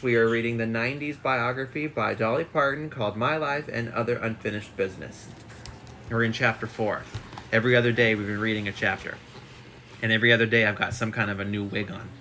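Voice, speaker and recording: Bright-voiced man reading aloud. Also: medium pitch, slight background noise. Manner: reads steadily with chatty asides. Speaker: shop owner reading a book aloud. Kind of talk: casual live read-aloud. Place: home. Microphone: phone.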